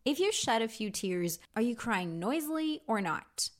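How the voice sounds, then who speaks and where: A woman's voice: on the high side, sing-song, normal speed. Chatty woman teaching English vocabulary. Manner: chatty, candid, with frequent ums. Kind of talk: casual vocabulary lesson.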